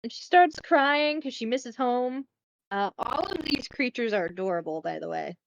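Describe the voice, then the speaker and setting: A woman co-hosting a casual podcast, retelling a film in a chatty, profane, animated way. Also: on the high side, moderate pace, creaky, no echo. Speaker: podcast co-host.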